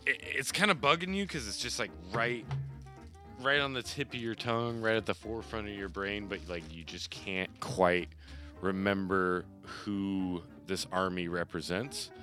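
A man narrating a tabletop game as game master, halting with many fillers. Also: lowish voice, pushed and bright, soft background music.

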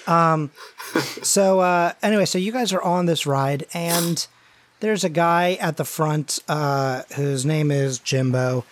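A man running a tabletop game as game master. He narrates in a relaxed, rambling way, with plenty of ums and restarts. His voice sits a little higher than most men's. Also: slow, dry recording. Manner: casual, filler-heavy narration.

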